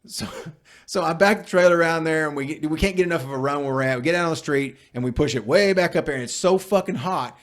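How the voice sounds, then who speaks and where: A man's voice: a little high, quick pace. A man, telling a long story on a casual podcast, swearing freely and acting out the other people in it. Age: 40s. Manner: profane, animated storyteller. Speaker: podcast host.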